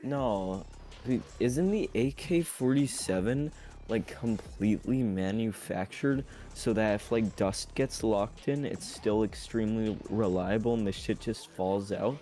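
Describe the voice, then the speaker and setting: A man's voice: lowish voice, unhurried, mellow. A man host chatting casually on a call, rambling with lots of fillers and restarts. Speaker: channel host debating on a call. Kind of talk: casual chat.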